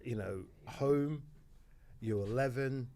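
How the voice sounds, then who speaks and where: A man in his sixties hosting a podcast interview, asking long, measured, reflective questions. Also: mid-range voice, warm tone. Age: 60s. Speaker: host.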